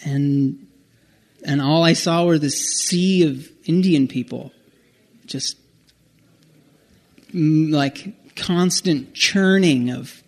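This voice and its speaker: A man telling a personal travel story in a rambling, self-correcting, animated way. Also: fairly high pitch, vocal fry.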